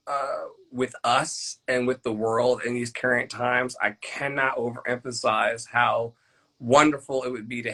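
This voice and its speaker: A man's voice: medium pitch, a bit bright, poor audio. A man co-hosting an online talk show, talking earnestly and reflectively with frequent restarts. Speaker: co-host. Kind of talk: reflective casual chat.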